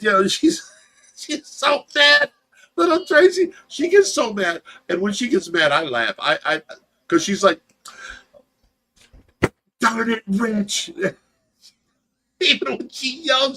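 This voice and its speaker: A man's voice: high-pitched, fairly bright tone. A middle-aged man hosting a livestream, telling stories in a casual chat and laughing through them. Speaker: livestream host.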